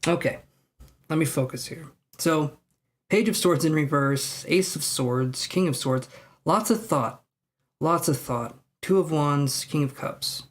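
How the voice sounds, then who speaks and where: On his live tarot stream, a slightly high-voiced man reads for viewers in an unhurried way. He wanders off topic, talks through his thoughts and makes jokes at his own expense.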